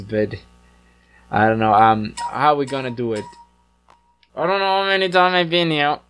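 A fairly high-voiced man plays a video game and chats over it in a hammy fake British accent, his pitch bouncing all over as he rambles and jokes at his own expense. Faint music sits low behind his voice. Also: animated, fairly bright tone, clean tone. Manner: deliberately bad put-on British accent; playful, rambling and self-mocking. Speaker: gamer. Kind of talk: let's-play commentary.

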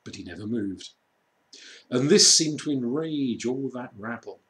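A man reading a children's storybook aloud, slow and measured with dramatic pauses. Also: mid-range voice, lively intonation, sharp tone. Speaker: reader.

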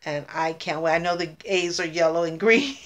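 A woman's voice: lowish voice, normal speed. A middle-aged woman talking casually in an unboxing vlog, gushing and emotional, close to tears. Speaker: vlogger.

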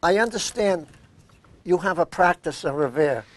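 A man's voice: high voice, expressive, moderate pace, no echo. A man hosting a casual interview, asking short, friendly questions and follow-ups. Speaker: talk show host.

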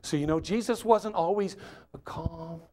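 A male guest preacher gives a lively sermon in a chatty, humorous style. His voice sits notably high. He talks to the congregation as if telling a story among friends. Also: normal speed. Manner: animated, joking, conversational.

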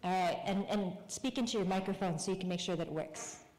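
A woman author casting audience volunteers for a live reading, friendly and quick to laugh. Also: lowish voice, darkish tone. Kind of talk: casual talk to a live audience. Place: public library event room. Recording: long hall reverb.

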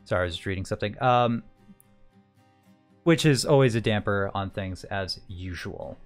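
A man's voice: on the low side, moderate pace, soft background music. Rambling male game master. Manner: rambling, many fillers and restarts. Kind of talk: narrating a tabletop game.

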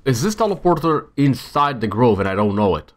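Young man, gameplay commentary, animated swooping voice, casual, thinks out loud. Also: medium pitch, fairly quick. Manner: casual, talks to himself, exasperated outbursts. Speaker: gamer. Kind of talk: let's-play commentary.

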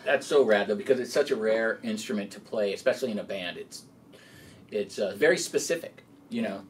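A male podcast host chats with a guest in a laid-back, slangy casual interview. His voice is lowish, animated and brisk, picked up by a distant mic with faint noise.

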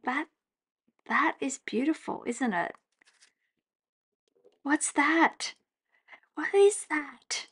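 A woman, chatting casually at her desk as she journals, laughing often and breaking into excited exclamations. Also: high voice, drawn-out words, pauses often. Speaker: journaling vlogger. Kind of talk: casual chat while journaling. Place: home desk.

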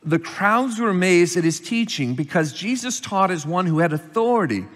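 Male pastor, middle-aged, higher-pitched, sermon with long church reverb. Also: normal speed. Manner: explains scripture calmly, rises in pitch and volume reading verses. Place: church sanctuary.

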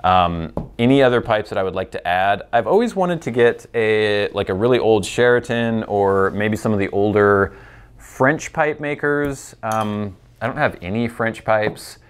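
Rambling, easygoing low-voiced man host. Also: measured pace, clear, resonant tone. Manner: rambling and self-deprecating, with many fillers. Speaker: host of a pipe-smoking show. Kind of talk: casual chat answering viewer questions.

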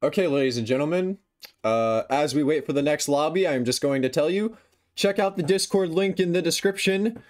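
A young man giving excitable, self-mocking commentary while playing a game, with yelps when he fails. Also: on the high side, moderate pace. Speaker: gaming YouTuber. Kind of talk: casual gameplay commentary. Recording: faint music behind.

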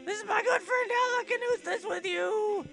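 A man voicing a flamboyant, theatrical magical being in a shrieking falsetto while playing a video game. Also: moderate pace, creaky, music in the background. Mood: gushing. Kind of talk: let's play voice acting.

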